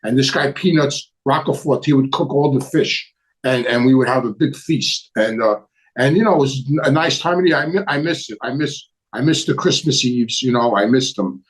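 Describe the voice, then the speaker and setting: A man's voice: mid-range voice, moderate pace, rough recording. A middle-aged man, hosting a casual live stream from his home, telling stories and answering viewer questions in a blunt, rambling way that repeats words. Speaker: host. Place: home with a Christmas tree.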